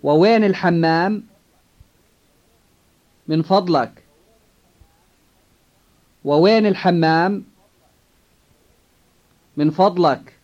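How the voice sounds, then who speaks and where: A man models phrases for a language drill, pronouncing each one with careful, deliberate precision. His voice is notably high, and the recording is dull and lo-fi. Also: darkish tone. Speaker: native speaker model in a language course. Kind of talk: slow drill repetition of phrases.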